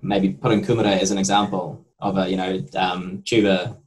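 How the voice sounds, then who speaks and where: A man, a nutrition researcher, answering interview questions in a thoughtful, measured way. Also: low voice, flat delivery, slight background noise, poor audio. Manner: thoughtful, measured, hesitant starts. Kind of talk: casual interview chat.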